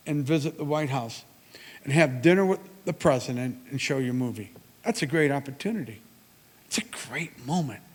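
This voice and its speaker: A man in his sixties giving a motivational talk at a university, telling stories in a lively way with big rises and drops in his voice. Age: 60s. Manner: animated storytelling with big swings in pitch and loudness. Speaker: motivational speaker. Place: university lecture hall. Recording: long hall reverb.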